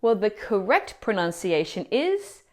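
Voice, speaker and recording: A woman teaching Italian pronunciation in a scripted video lesson, explaining words clearly and asking the viewer questions. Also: mid-range voice, very animated, a little slow.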